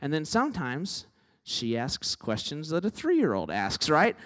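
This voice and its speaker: A man's voice: a little high, wildly swooping pitch, measured pace, a bit bright. A man preaching a sermon in a conversational, storytelling way, often checking in with his listeners. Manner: conversational, tags lines with "right?"; self-deprecating storyteller. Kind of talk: sermon with humorous stories.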